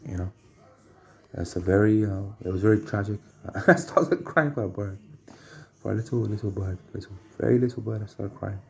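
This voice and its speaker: A man at home telling rambling personal anecdotes, halting and repeating phrases as he searches for words. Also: fairly low pitch, creaky. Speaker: storyteller.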